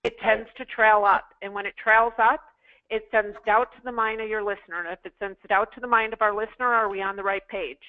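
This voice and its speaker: A woman's voice: mid-range voice, fairly even intonation, brisk. A woman teaching a sales class to callers, coaching them in emphatic drills and repeating phrases for practice. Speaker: sales trainer. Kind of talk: interactive online class. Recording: tinny phone-like line.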